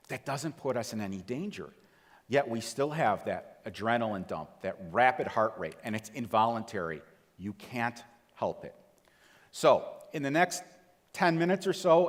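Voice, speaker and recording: Animated man telling a story in a reverberant hall. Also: medium pitch. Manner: animated storytelling, acts out quoted voices, asks the audience questions. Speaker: TEDx speaker. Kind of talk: storytelling talk to a live audience. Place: large auditorium.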